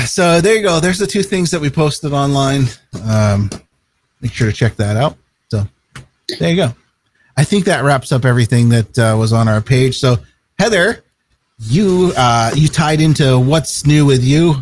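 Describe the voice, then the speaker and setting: A man's voice: mid-range voice, expressive, moderate pace, a little hiss or hum. A man co-hosting a casual chat show, talking in an easygoing, rambling way and laughing often. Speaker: co-host.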